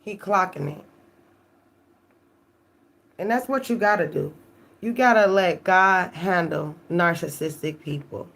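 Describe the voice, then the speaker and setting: A woman's voice: on the low side, a little slow, creaky, pauses often, fairly bright tone. A woman tarot reader giving an emphatic, profane live-stream monologue, often checking in with "okay?".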